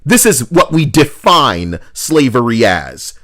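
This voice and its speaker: Animated, profane male streamer ranting. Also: mid-range voice, unhurried, hardly any pauses. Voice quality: animated, swings between mock voices and mutters. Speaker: streamer reacting to posts.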